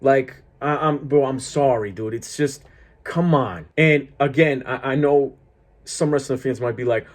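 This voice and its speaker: A man's voice: mid-range voice, a little slow. A man of Greek heritage in a casual, heated wrestling rant, swearing a lot and stumbling over repeated words as he restarts his sentences. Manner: profane, heated, restarts often. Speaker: wrestling commentator vlogger. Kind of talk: casual ranting monologue.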